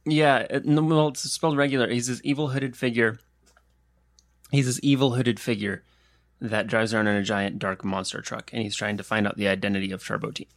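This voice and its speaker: A man's voice: mid-range voice, fairly even intonation, a little fast, dry recording, clean studio sound. A man hosting a casual podcast, rambling and self-deprecating while he fights a bout of hiccups. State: has the hiccups. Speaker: podcast host. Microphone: close podcast microphone.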